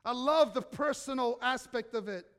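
In a large hall, a pastor with a very high-pitched, smooth voice delivers an emphatic sermon. He asks rhetorical questions and shifts between gentle, slow passages and booming declarations.

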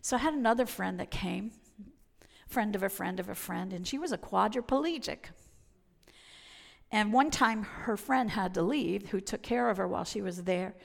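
A woman preaching a sermon and telling personal stories, swinging from loud emphatic lines down to near whispers. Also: medium pitch, normal speed, gravelly. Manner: dramatic shifts from loud to whispered. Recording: long reverb of a hall.

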